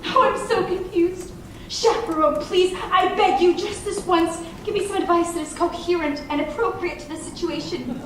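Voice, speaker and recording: A flighty, glamorous showgirl bride, high and dramatic, with every line pushed for comic effect. She is recorded from far back in a large, echoing theatre. A faint hiss runs under her voice. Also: normal speed. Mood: flustered. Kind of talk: stage musical acting. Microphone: far room mic. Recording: distant, echoey theatre stage recording.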